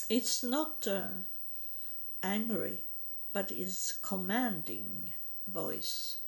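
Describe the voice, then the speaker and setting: Slow, gravelly woman. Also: mid-range voice. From Sweden. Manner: halting, repeats words, broken grammar. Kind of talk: personal religious testimony.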